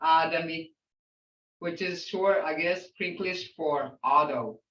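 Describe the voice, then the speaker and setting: Older woman as an unhurried language teacher, outspoken, repeating each word to model it; distant mic in an echoey room. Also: low voice, fairly bright tone. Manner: slowly repeats words to model pronunciation. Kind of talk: language class lesson. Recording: roomy, distant, dull lo-fi sound.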